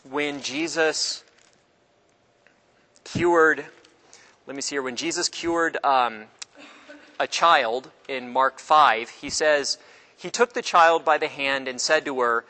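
A man teaching a class in a relaxed, halting way, with many fillers and restarts. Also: a little high, poor audio. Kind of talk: informal classroom lecture.

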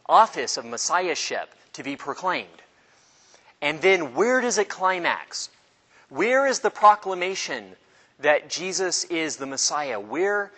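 A man's voice: a little high, pushed and bright, long reverb tail. A man teaching a casual Bible class, chatty and joking with his students, acting out little voices as he explains.

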